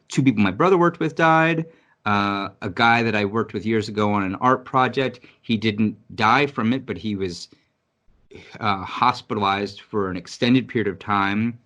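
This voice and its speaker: A man from New York City co-hosts a podcast, chatting casually with blunt emphasis, lots of profanity and frequent restarts. His voice is fairly low in pitch and a bit bright.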